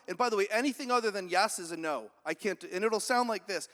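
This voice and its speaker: A man giving a high-energy motivational keynote to a live audience, telling stories, acting out the voices of others and asking the crowd questions. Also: quick pace, few pauses, fairly bright tone. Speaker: keynote speaker. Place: large event hall with audience. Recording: echoey hall.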